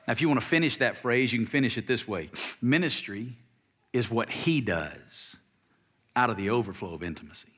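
A man's voice: mid-range voice, animated, a little fast, a bit bright. A man in his fifties, a pastor preaching a sermon with emphasis and having the audience repeat lines after him.

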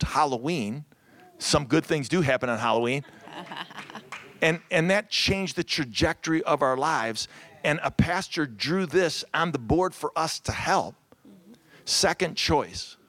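A middle-aged man from Cleveland, Ohio, a pastor giving a conference talk to ministry couples, lively and joking, calling out to his audience and often repeating words as he speaks. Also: a little high, dry recording. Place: conference room with round tables.

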